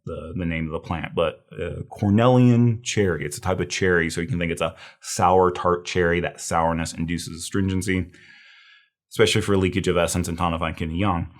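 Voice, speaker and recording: A man with a low voice and fairly even intonation speaks briskly in a recorded review lecture on herbal medicine. He thinks aloud casually, with fillers and restarts.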